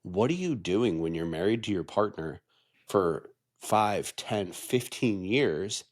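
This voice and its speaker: A man's voice: deep voice, animated, takes it slowly. A man co-hosting a podcast, talking earnestly in casual chat and often checking in with "right?". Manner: earnest, conversational, keeps asking "right?". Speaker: podcast co-host.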